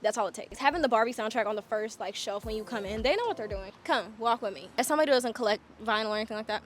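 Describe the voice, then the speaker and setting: A woman's voice: fairly high pitch, rapid-fire, slight background noise. A young woman from Charlotte, vlogging casually, bubbly and chatty with frequent laughs. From Charlotte, North Carolina. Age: young adult. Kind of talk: casual vlog chat.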